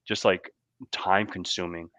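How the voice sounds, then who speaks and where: Man, podcast host, very deep voice, casual rambling chat, filler words. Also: flat delivery, a little slow, pushed and bright, no room sound. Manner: rambling, filler-heavy talk.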